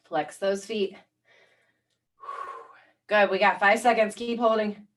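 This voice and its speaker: Fitness instructor, woman, mid pitch; encouraging countdowns, recorded a bit away from the mic. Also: takes it slowly, far from the mic. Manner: encouraging counting cues, calm coaching. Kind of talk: guided workout class.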